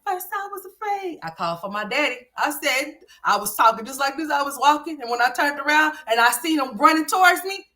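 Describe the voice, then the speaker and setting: A livestream host from Oklahoma talks a little fast as she tells a story, loose, animated and profane. She alternates between low mutters and loud exclamations.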